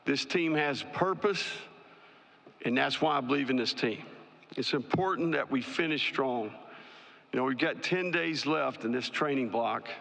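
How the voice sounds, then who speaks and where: A man, a college football head coach, giving prepared press conference remarks in a measured, emphatic, list-like way. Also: mid-range voice, vocal fry, fairly bright tone. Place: large media day ballroom. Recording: long reverb in a large hall.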